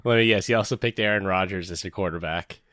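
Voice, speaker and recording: A man's voice: deep voice, fast talker, fairly bright tone, no room sound, studio quality. A man hosting a security podcast, joking with his co-hosts in a casual chat. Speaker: podcast host.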